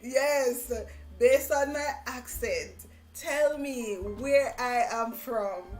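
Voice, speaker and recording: A middle-aged Jamaican woman hosting a motivational live stream, talking in an animated way, repeating phrases and laughing often. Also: on the high side, very slow. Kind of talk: casual interview chat. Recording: echoey room with faint music.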